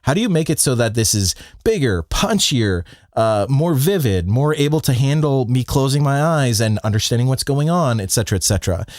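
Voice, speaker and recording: Animated man teaching sound design. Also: medium pitch, no room sound, studio quality. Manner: deliberate pauses for emphasis, animated. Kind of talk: livestream teaching.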